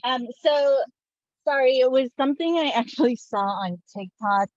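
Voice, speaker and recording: A woman's voice: moderate pace, dry recording. A woman taking part in a workshop, explaining a question hesitantly with fillers. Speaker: workshop participant. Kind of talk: casual question. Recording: dull low-fidelity line.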